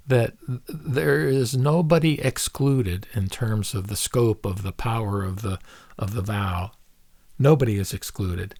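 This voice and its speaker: A man giving a reflective spoken commentary on a Buddhist scripture, speaking in a measured way and slowing down to stress key words. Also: lowish voice, a little mellow, dry recording, studio quality.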